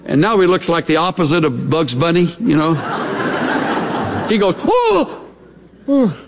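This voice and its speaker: A man's voice: fairly high pitch, expressive, moderate pace, long reverb tail, noisy background. A middle-aged male pastor preaching a sermon, telling stories in a playful, chuckling way. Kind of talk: sermon with humorous storytelling.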